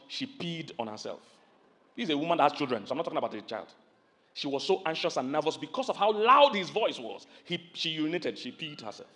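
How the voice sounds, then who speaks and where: Nigerian pastor preaching with a high voice. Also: male voice. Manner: animated storytelling, calls questions to the audience, acts out loud yelling voices. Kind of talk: sermon.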